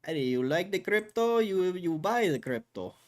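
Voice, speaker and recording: A man's voice: lively intonation, measured pace. A man doing a goofy crypto salesman voice. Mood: mock salesy. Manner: exaggerated, broken-English pitch. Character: goofy male crypto salesman with a vague foreign accent.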